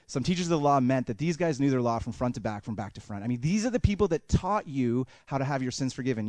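A man preaching a sermon as a pastor, animated, voicing the thoughts of people in the story and swinging between loud bursts and hushed asides. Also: mid-range voice, dry recording, clean studio sound.

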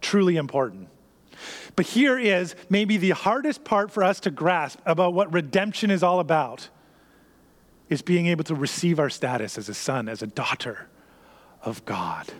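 A man preaching a sermon as a pastor, emphatic and repetitive, sometimes sinking to a hushed near-whisper. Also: high voice, expressive, normal speed. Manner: emphatic, repeats key phrases, drops to a hushed near-whisper.

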